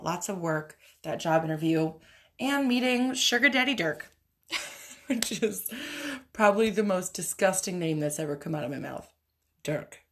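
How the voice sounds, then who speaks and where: A young woman hosting her own podcast, ranting brashly with lots of swearing in a casual monologue. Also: medium pitch. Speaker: podcast host.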